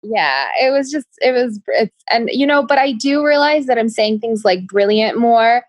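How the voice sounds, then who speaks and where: A woman's voice: fairly high pitch, animated, moderate pace, no room sound. A young woman co-hosting a podcast, chatting casually with lots of "like" fillers and frequent giggles. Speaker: podcast co-host. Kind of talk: casual chat.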